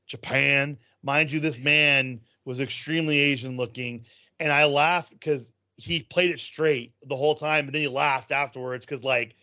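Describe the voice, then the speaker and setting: This podcast co-host is a Californian whose mid-range voice has a fairly bright tone. Chatting casually about theme park news, he wanders through anecdotes and says "um" constantly.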